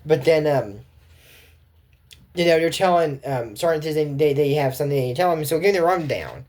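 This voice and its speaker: A man casually recapping a cartoon episode, rambling and often pausing with fillers and restarts. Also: on the high side, a little mellow. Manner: rambling, full of fillers and self-corrections. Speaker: cartoon commentary host.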